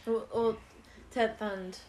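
A woman co-hosting a podcast, chatting casually with quick interjections. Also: a little high, little pitch movement, a little mellow, poor audio. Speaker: podcast co-host. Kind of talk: casual chat recapping an episode.

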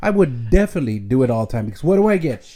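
A man's voice: mid-range voice, sing-song, very fast, mellow. Joking man hosting. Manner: rambling, joking, mixes in Spanish slang. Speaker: podcast host. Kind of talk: casual chat. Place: at home.

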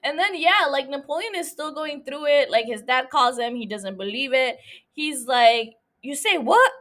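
High-voiced woman podcaster, rambling and profane. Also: moderate pace, fairly bright tone. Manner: rambling, profane, self-mocking, prone to laughing asides. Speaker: podcast host. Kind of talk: casual recap chat.

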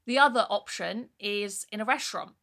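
Bright-voiced chatty woman podcaster. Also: mid-range voice, moderate pace, gravelly. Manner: candid, chatty, swears casually. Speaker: podcast co-host. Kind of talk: casual chat.

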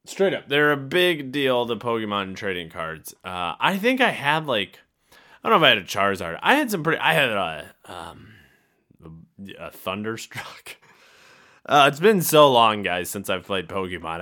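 A young man talks through a casual solo podcast, wandering off track and chuckling at himself. His voice sits low, yet it swings widely in pitch and has a bright edge. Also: very animated, moderate pace. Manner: rambling, self-interrupting, laughs at himself. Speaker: podcast host.

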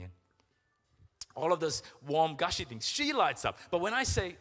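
A middle-aged man preaching a sermon as pastor, earnest and emotional, slowing down for emphasis. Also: on the high side, very animated, a bit bright. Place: church. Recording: reverberant church hall with music.

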